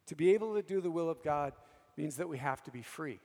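A man in his fifties preaches with a high, gravelly voice. He tells stories from his own life and keeps asking the audience for an "Amen?". The sound carries a long hall reverb. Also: animated, fast talker, darkish tone. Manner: storytelling, calls for "Amen?" from the audience. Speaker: priest. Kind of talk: sermon with personal stories.

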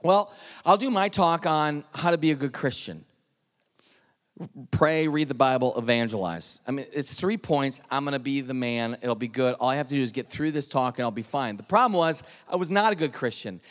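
A man telling his own story with earnest feeling. His voice sits a little high and trails off in long reverb, as if he stands in a large hall. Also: moderate pace. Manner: earnest storytelling, drops to hushed tones at tense moments. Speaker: speaker telling his testimony. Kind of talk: personal testimony talk.

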